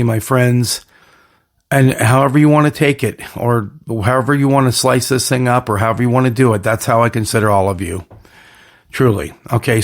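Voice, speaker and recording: A man's voice: mid-range voice, gravelly. A man hosting his own podcast alone, rambling through strings of hype catchphrases and pleas to his listeners. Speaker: podcast host. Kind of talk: solo podcast monologue.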